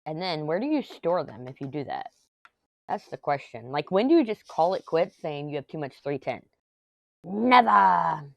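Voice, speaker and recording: A middle-aged woman, a craft vlogger, chats casually and tells rambling family stories while working on a craft at home. Her voice is low and sing-song, with a dark tone and a moderate pace. The recording is dry and muffled.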